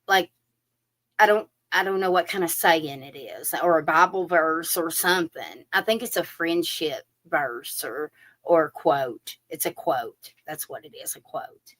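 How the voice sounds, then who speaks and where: Unhurried and low-voiced, a woman gives a tarot reading on a live stream. She's chatty and animated, speaking directly to her viewers and dropping in plenty of fillers.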